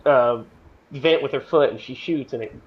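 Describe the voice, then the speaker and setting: Enthusiastic rambling movie-podcast host. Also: male voice, medium pitch, normal speed, highs cut off. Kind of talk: casual movie review chat.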